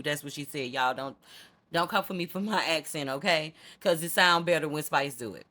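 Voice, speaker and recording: A woman recaps a reality show in a casual, sassy way and talks straight to her viewers with plenty of slang. Her voice sits a little low but comes across bright and forceful. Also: animated, normal speed.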